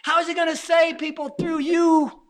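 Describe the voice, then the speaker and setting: A man preaching a sermon, calling out to the congregation, shouting his exclamations and at times dropping to a near whisper. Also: very high-pitched, little pitch movement, moderate pace.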